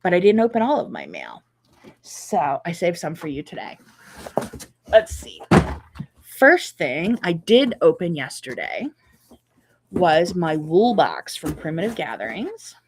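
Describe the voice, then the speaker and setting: A middle-aged woman hosting a casual live chat, reading viewer comments and reacting warmly and chattily. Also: on the low side, huge pitch swings, measured pace, pauses often, a little hiss or hum. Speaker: quilting channel host.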